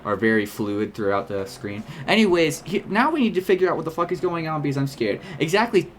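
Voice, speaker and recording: A man's voice: on the high side, big pitch swings, a little fast, a little hiss or hum. A young man co-hosting a let's play, rambling casually with lots of swearing and self-mocking jokes. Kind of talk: casual gaming commentary.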